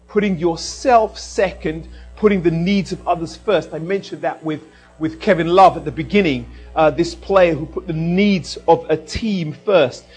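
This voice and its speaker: A man delivers a sermon in a fairly high, husky voice. He preaches with animation, rising to loud emphasis and then dropping to a hush. Faint music plays softly behind him. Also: low-quality recording.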